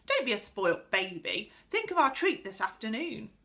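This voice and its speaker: A cheerful young girl who teases her friend, as a woman reads her aloud. Her voice rises high and bouncy, with a bright, eager sound. This is a storybook voice. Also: big pitch swings, normal speed, exaggerated voice. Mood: coaxing. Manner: bright, teasing, giggly.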